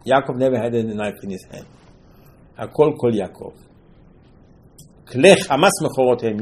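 A man's voice: medium pitch, normal speed, long pauses, poor audio. A man teaching a Torah lesson as a sermon, telling the stories with animation and acting out the dialogue in loose, non-native English full of Hebrew terms. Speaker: religious teacher.

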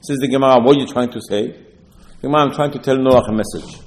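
A rabbi preaches a sermon in a medium-pitched, steady voice, talking fast. He tells stories full of asides and rhetorical questions, and the recording carries a long hall reverb.

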